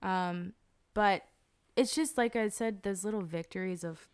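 A woman's voice: medium pitch, unhurried, clean tone, no echo, studio quality. Rambling, candid young woman. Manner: rambling, candid, swears often. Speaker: podcast guest, web designer. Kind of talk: casual podcast chat.

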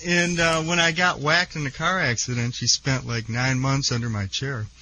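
A man appearing as a guest on a radio show, telling a story in a relaxed way. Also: mid-range voice, normal speed, poor audio. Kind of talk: casual radio interview.

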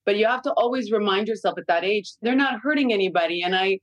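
A woman's voice: mid-range voice, quick pace, no room sound, poor audio. A woman in her forties, a podcast guest, chatting candidly about raising young kids and swearing freely. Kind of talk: casual podcast chat.

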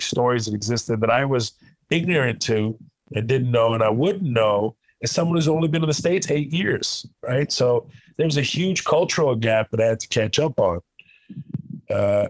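A man from Kuwait, a comedian guest, telling stories in an animated, casual way full of "like" fillers. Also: medium pitch, no room sound, rough recording. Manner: animated, lots of "like" fillers, chuckles while talking. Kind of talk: conversational storytelling.

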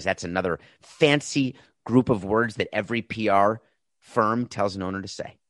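A man's voice: on the low side, normal speed, no echo. Middle-aged man, ex-baseball executive, emphatic and sarcastic commentator, dry close recording. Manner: emphatic, sarcastic, punchy delivery. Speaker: former baseball team executive. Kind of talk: opinionated commentary monologue.

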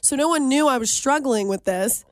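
Young woman, higher voice, animated storyteller, chatty radio host, dry close mic. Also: normal speed, dry recording. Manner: animated storyteller, laughs often. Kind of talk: casual radio chat.

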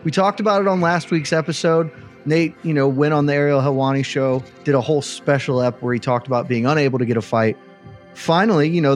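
A man hosting a sports panel show, introducing guests in a playful, excited announcer style. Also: a little high. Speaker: host.

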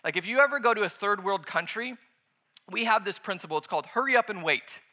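A man preaching a sermon, lively and conversational, acting out voices when he tells stories. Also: sits high, fast talker. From United States. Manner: animated, acts out voices in anecdotes. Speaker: pastor.

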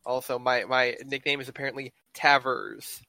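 A man's voice: medium pitch, steady tone, normal speed, creaky, pushed and bright, no echo. A man playing in a tabletop game, chatting casually with wry, teasing asides. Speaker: player. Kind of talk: casual chat.

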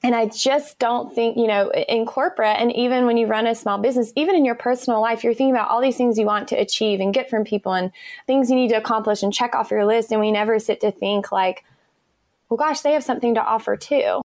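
A woman's voice: on the high side, steady tone, fast talker, darkish tone, no room sound, studio quality. An enthusiastic woman, chatting as an interview guest and laughing often. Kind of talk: conversational interview.

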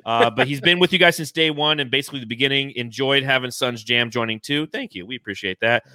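A young adult man hosting a casual podcast livestream, excitedly thanking donors and swearing freely. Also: medium pitch, fast, dry recording, clean studio sound. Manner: excited, swearing, reads donations aloud. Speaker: podcast host.

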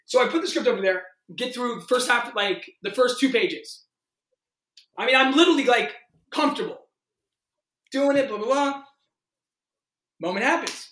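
A male actor telling audition stories in a casual interview, animated and full of "like". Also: extremely high pitch. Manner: animated, fast-shifting, heavy use of "like". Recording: roomy echo.

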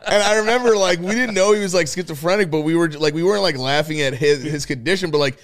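A man's voice: a little high, quick pace. Swearing, storytelling man on a podcast. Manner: animated storyteller, swears freely, acts out friends' lines. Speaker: podcast co-host. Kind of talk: casual chat.

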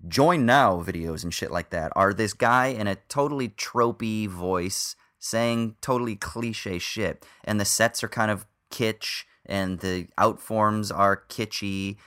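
With a lowish, slightly bright voice, this male podcast co-host talks about movies slowly and with few pauses. The conversation is casual, and he cusses freely and fills it with lots of filler words.

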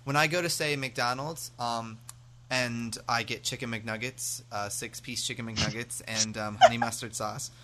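A man's voice: mid-range voice, steady tone, a little slow, background noise. An American man co-hosting a podcast, chatting casually in a rambling, jokey way with many fillers. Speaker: podcast co-host. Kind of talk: casual chat.

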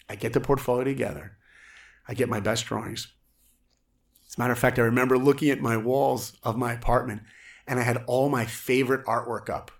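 Gravelly man telling a story with gusto. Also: mid-range voice, fairly bright tone. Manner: acts out quoted people with shifting voices. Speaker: guest. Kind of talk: animated storytelling in a podcast interview.

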